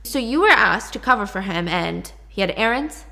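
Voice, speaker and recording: A woman's voice: mid-range voice, lively intonation, normal speed, vocal fry, pushed and bright. A woman voicing a sly police detective who asks probing, knowing questions.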